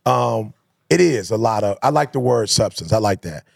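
Gravelly man hosting a reflective chat. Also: lowish voice, lively intonation, normal speed, no room sound, studio quality. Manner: reflective, questioning. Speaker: host. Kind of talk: casual conversation.

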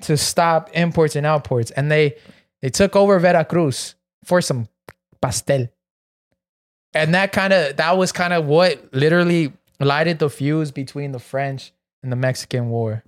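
A man's voice: a little high, unhurried. A young man co-hosting a podcast, telling a story in loose, slangy casual chat. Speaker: podcast co-host.

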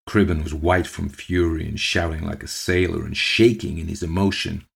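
Low-voiced guy reading a spooky story for his podcast, steady and even. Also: moderate pace, creaky, hardly any pauses, husky. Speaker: podcast narrator. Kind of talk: reading a ghost story aloud.

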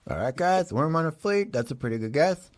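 A man hosting a comedy talk show in a mock-serious, deadpan way, playfully bossing his guest around. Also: a little high, a little fast.

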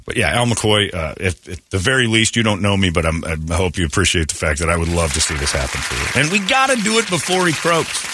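Low-voiced rambling male radio host. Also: no echo. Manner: rambling storyteller, swings into loud excited mock voices. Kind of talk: casual morning radio talk. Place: radio studio. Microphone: studio microphone.

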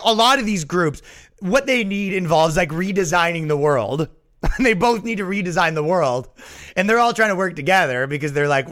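A man's voice: on the high side, bright, forceful tone. A man hosting a podcast in a casual monologue, sarcastic, swearing freely and laughing at his own jokes. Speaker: podcast host.

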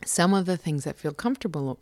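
Woman, low voice, animated casual chat, dry close sound. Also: fast talker, dry recording. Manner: animated, thinks aloud with restarts. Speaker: podcast co-host.

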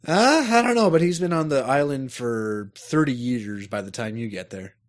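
A man's voice: medium pitch, normal speed. A man in casual chat, describing a game at length and searching for words. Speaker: podcast co-host reviewing a game.

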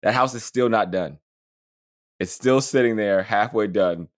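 A man in his thirties co-hosting a sports podcast, talking casually in an animated way, with quick asides and frequent laughter. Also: lowish voice. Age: 30s. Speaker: podcast co-host.

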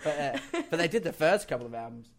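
A man, a guest musician telling stories in casual chat and acting out quotes with lively voices. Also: fairly high pitch, fast talker. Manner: animated storyteller who acts out quotes.

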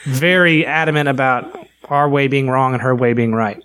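A man's voice: medium pitch, normal speed, fairly bright tone. A man chatting casually on a podcast, rambling and crude, often restarting his sentences. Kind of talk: casual chat.

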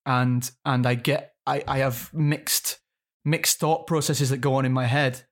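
An actor in his thirties, appearing as an interview guest, talks reflectively and searches for his words. His mid-range voice moves little in pitch and runs a little slow.

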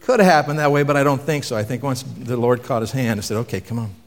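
A man's voice: medium pitch, quick pace, vocal fry. A man preaching a sermon in a conversational way, asking the audience questions and dropping his voice for emphasis. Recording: long reverb from a hall.

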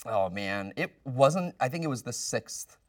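A man tells stories with energy in a casual podcast chat, at a middle pitch. His voice sits a bit back from the mic in a dry, dead room. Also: measured pace, dry recording, recorded from a distance. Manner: animated storytelling. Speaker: guest, web cartoon creator.

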